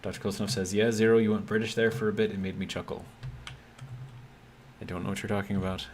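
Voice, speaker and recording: A relaxed male game streamer with a fairly low voice talks through his build and reads chat aloud. He is easygoing and hesitant, often pausing on ums and correcting himself mid-sentence. A faint hum of noise sits behind him. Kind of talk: casual live-stream commentary, reading chat aloud.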